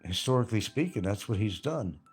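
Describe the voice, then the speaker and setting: A man rambles through a livestream, reading viewer comments and answering them with crude, mocking jabs. His pitch swings widely as he talks, and his voice has a slightly husky edge. Faint music plays underneath. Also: expressive, fairly quick, darkish tone. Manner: crude, mocking, laughs at his own jokes. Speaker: livestream host reading chat. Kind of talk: rambling casual livestream chat.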